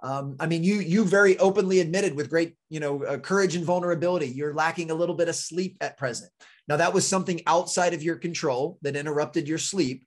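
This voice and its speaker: A man with a fairly high speaking voice talks as a podcast guest. He lays out advice in an earnest, measured and encouraging tone, like a coach speaking to fathers. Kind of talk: advice-giving interview talk.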